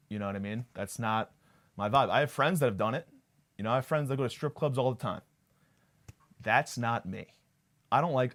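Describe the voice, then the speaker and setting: A young man hosting a podcast, rambling through a profane, self-deprecating comedic monologue. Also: on the low side. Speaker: podcast host.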